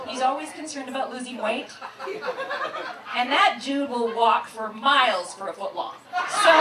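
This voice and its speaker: A woman doing a brash, self-mocking stand-up comedy set on a club stage, recorded from a distance in a roomy room with a loud crowd. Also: high-pitched. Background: audience laughter.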